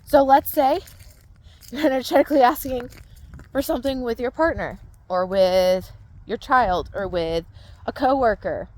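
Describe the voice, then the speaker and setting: A woman's voice: on the high side, unhurried, a little mellow. A woman mindset coach talking casually to her viewers, explaining step by step and often checking in with "right?". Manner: conversational, explaining with frequent "right?" check-ins. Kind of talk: casual talk to camera.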